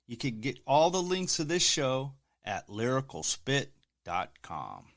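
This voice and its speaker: A man introduces his podcast with boastful showman flair, rattling through promos and plugs. His voice sits at a middling pitch that swoops up and down with energy. He sounds like a wrestler working the crowd, recording from home. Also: very animated, unhurried, background noise. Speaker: podcast host and professional wrestler.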